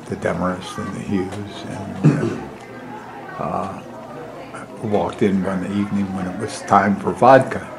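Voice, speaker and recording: Slow, gravelly man telling an anecdote. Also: sits low, fairly even intonation. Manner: slow, unhurried, amused. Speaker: family friend sharing a memory. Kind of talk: casual storytelling at a memorial dinner. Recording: noisy room.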